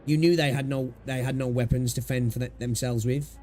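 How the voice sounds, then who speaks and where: A man's voice: mid-range voice, fairly even intonation, a little fast, a little mellow, a little hiss or hum, natural voice. A man voicing a grim, vengeful young infected woman investigator, speaking coldly and accusingly. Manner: cold and accusing.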